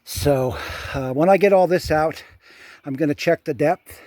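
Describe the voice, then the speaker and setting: A man's voice: fairly high pitch, a little slow, mellow, dry recording. Older guy out of breath, talks plain while he works, dry sound. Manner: plainspoken, thinking aloud while working. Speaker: handyman vlogger. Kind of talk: casual work vlog narration. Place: outdoors at a well.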